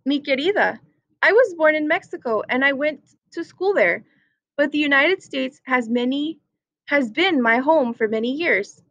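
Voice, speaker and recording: A gentle, proud great-aunt in her eighties tells her story in a calm, earnest way, voiced by a woman reading a picture book aloud. The voice sits high. The recording sounds dull and lo-fi, with a dry, close sound. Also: normal speed, no echo.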